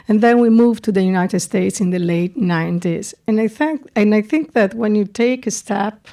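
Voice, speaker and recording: A woman's voice: mid-range voice, a little mellow. A middle-aged woman from Italy, speaking English with an Italian accent and answering questions earnestly after a film screening, with frequent restarts. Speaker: film director. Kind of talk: festival Q&A.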